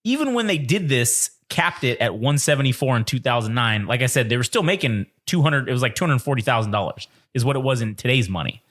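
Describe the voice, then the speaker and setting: A man's voice: mid-range voice, animated, fast talker, hardly any pauses, a bit bright. A man co-hosting a casual podcast, ranting with lots of swearing and acting out the people he quotes. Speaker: podcast co-host. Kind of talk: casual political rant.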